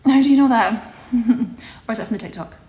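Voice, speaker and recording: A woman's voice: on the high side, a little fast, a little mellow. Chatty young woman on a live stream. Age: young adult. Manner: chatty, answers viewer comments. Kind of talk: casual live-stream chat. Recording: echoey room with faint ambience.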